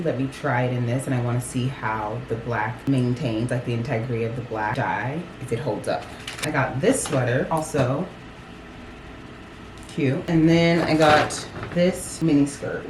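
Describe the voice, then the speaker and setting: A young woman vlogging, telling a story in a chatty, animated way with lots of fillers. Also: rumbling low, noisy background. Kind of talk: casual storytelling vlog.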